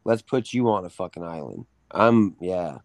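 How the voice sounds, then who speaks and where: Low-voiced man, dry close sound. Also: expressive, normal speed, dry recording, poor audio. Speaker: podcast co-host. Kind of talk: casual chat.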